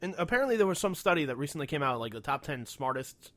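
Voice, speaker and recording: A man tells stories on a casual podcast, his voice swinging high and low as he acts out other people. He sits a little above the usual pitch for a man. The sound is dry and close. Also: fast talker, dry recording. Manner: profane, animated storyteller acting out quotes. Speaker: podcast co-host.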